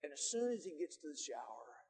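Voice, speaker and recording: An older man, a grandfather, preaching a folksy sermon with stories, swinging from loud emphatic lines to soft quiet ones. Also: a little high, big pitch swings, a little fast, breathy edge, long reverb tail. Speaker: pastor.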